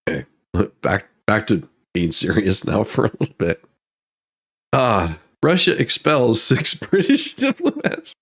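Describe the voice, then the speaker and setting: A man's voice: fairly low pitch, wildly swooping pitch, unhurried, a bit bright, breathy edge. A man hosting a comedic news show, reading headlines and repeatedly breaking into laughter. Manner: giggly, keeps breaking into laughter while reading. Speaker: host.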